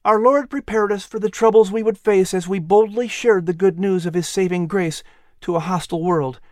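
A man's voice: high-pitched, steady tone, moderate pace, a little mellow, dry recording, clean studio sound, voice pushed up, lightly acted. A man reading as a solemn old apostle. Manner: solemn, earnest. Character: old apostle writing a grieving letter. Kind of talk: letter read aloud.

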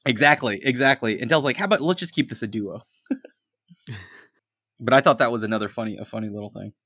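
A man's voice: medium pitch, a little fast, no room sound, clean studio sound. A man co-hosting a casual movie podcast, retelling scenes and acting out lines in playful voices, laughing often. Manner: animated, acts out quotes in funny voices. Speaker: podcast co-host.

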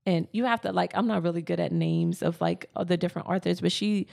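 A woman's voice: on the low side, steady tone, brisk, vocal fry, darkish tone. A woman co-hosting a casual spiritual podcast, telling personal stories earnestly and repeating phrases for emphasis. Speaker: podcast co-host.

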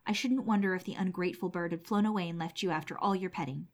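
A woman's voice: on the low side, quick pace, natural voice. A cross old wife from a storybook who never liked the pet bird, her words sour and scolding. A woman voices her in a plain reading tone that turns scornful and curt.

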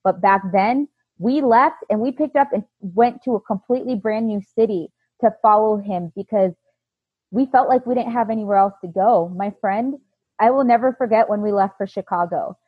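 A woman's voice: mid-range voice, moderate pace, husky, dry recording. A woman earnestly retelling a painful chapter of her life, quoting the people involved. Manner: earnest, emotional retelling with many quoted lines. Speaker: personal storyteller. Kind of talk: candid personal testimony. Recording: dull, lo-fi, dry recording.

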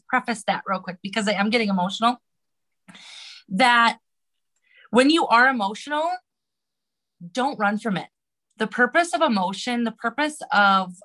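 A woman's voice: on the high side, animated, a bit bright, low-quality recording. Heartfelt woman guest. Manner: earnest, heartfelt, quick to laugh. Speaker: interview guest. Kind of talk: casual talk and reading aloud.

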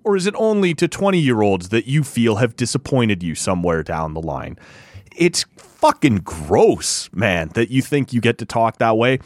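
A man holds forth on a casual sports podcast, heated and quick to swear. His pitch swings widely as he argues. The sound is dry and close, with no room around it. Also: dry recording. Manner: heated, profane, lively ranting. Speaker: podcast co-host.

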